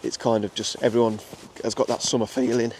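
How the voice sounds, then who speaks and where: A young Midlands-accented Englishman, a wildlife photographer, talks briskly while filming on a nature reserve walk for a casual vlog. His medium-pitched voice is darkish with little pitch movement, and he often uses fillers and restarts. There's slight background noise.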